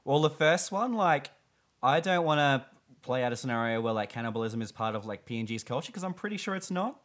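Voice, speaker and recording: A man's voice: mid-range voice, expressive, brisk, a bit bright. Man with dry, wry podcast humor. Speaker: podcast co-host. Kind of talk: casual podcast chat.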